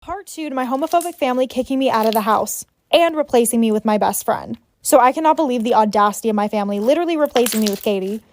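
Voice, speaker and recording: A young woman narrating a personal story in a brisk, dramatic storytime voice-over. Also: fairly high pitch, expressive, a little mellow, slight background noise.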